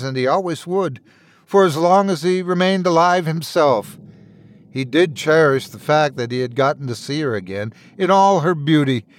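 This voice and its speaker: A male storyteller reads a dark tale in measured, somber narration. His voice sits a little above the usual male pitch. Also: a little hiss or hum. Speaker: storyteller, podcast host. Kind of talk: scripted horror narration.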